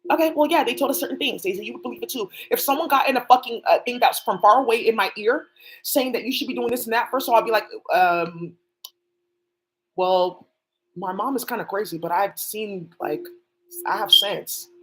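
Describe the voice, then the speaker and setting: A woman's voice: on the high side, a little fast, a bit bright, a little hiss or hum, rough recording. A woman talking alone on a livestream, rambling and swearing as she jumps from one topic to the next. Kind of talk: rambling solo livestream talk.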